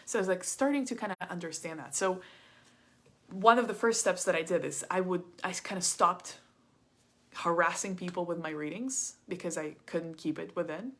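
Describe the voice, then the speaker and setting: Woman coach rambling thru a story at a live class, lowish breathy voice, lots of "like". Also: normal speed, a bit bright. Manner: chatty, frequent "like" and "kinda". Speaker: business coach.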